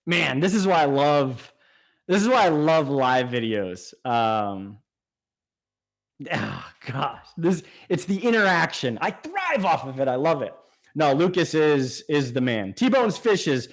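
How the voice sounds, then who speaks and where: Animated, lively-voiced man hosting a live stream. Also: medium pitch, unhurried. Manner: enthusiastic, talks off the cuff with fillers and restarts. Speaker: aquarium channel host. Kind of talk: casual live stream chat, reading viewer comments.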